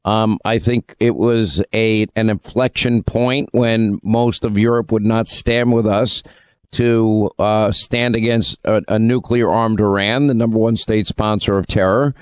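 A man's voice: fairly low pitch, fairly even intonation, a little slow, smooth, no room sound. A man hosting a talk radio show, giving emphatic, opinionated commentary and taking calls.

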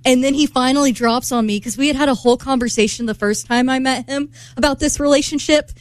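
A woman spins a lively tale on a morning radio show. She sits a touch high in pitch, animated and quick to laugh. Her voice is close and dry. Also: dry recording. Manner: animated, laughing storyteller who acts out quotes. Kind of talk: casual morning-show storytelling.

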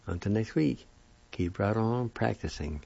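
A man teaching vocabulary, spelling out and pronouncing each word slowly and patiently, with repetition, on a dull lo-fi recording. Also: fairly low pitch, expressive, vocal fry, warm tone, husky. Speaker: language teacher. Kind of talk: slow spelling and pronunciation lesson. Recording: dull lo-fi sound.

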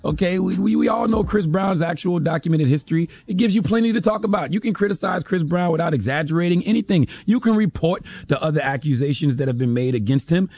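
A man's voice: a little high, animated, quick pace, gravelly, few pauses, a little mellow, slightly rough. A man giving an emphatic, sarcastic opinion commentary as a host, often tagging lines with "okay?".

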